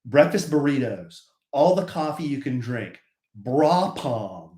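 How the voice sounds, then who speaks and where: A middle-aged man co-hosting a podcast, chatting casually and telling stories in a laid-back, animated way. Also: mid-range voice, slow. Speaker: podcast co-host. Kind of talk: casual chat. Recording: roomy echo.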